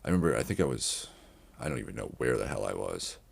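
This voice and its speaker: A man with an extremely deep voice and a gravelly rasp running through it. He talks in a loose, wandering podcast monologue, doubling back mid-sentence and swearing casually. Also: wildly swooping pitch, fast talker. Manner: meandering, frequent restarts and swearing. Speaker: podcast host.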